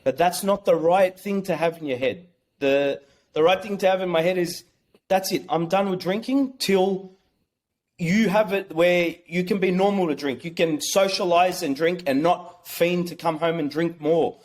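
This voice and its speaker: A young man telling a personal story as a podcast guest, excited and swearing, often restarting his sentences. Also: on the high side, normal speed.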